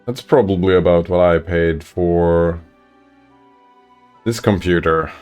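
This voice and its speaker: Streaming a game, a man chats casually and reads viewer messages aloud in a laid-back, chatty way, giving easygoing gameplay commentary. His voice is deep, slow, and a bit dark, with a clean tone. Soft music plays in the background.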